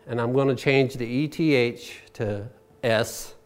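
A man's voice: mid-range voice, very animated, normal speed. A man preaching a sermon as a pastor, telling the story in a folksy way with personal asides.

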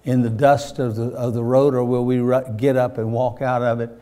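A man preaching a sermon with fervent, building delivery and loud bursts on quoted lines. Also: medium pitch, flat delivery, moderate pace. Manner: fervent, rising to shouts on acted quotes.

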